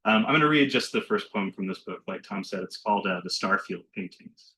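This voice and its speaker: A man giving a poetry reading in a bookshop, chatting loosely between poems and reading them slowly and carefully. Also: fairly low pitch, expressive, pushed and bright, low-quality recording. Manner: chatty and self-deprecating between poems, slow and measured when reading. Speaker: poet reading his work. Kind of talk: poetry reading with casual asides. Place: bookshop reading room with a live audience.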